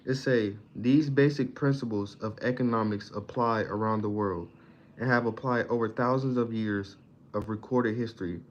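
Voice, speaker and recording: Low-voiced man reading aloud haltingly. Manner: reads haltingly, stumbles on words, pauses to define them in slang. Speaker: self-taught reader explaining a book. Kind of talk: casual read-aloud study session. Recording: dull lo-fi audio, faint background noise.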